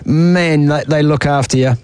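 A man with a New Zealand accent hosting a sports talk show, enthusiastic and quick to laugh. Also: on the high side, fairly even intonation, a little mellow, smooth, low-quality recording. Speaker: radio sports host.

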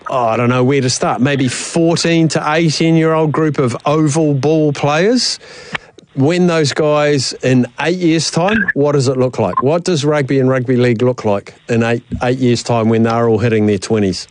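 A man's voice: mid-range voice, moderate pace, background noise. A man hosting sports talk radio in a chatty, jokey way. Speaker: talkback radio host.

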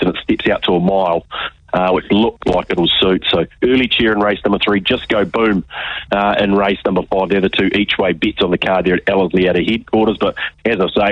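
A man giving relaxed, chatty betting tips on a radio segment, with frequent fillers, over a dull lo-fi line. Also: deep voice, no echo. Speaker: betting tipster.

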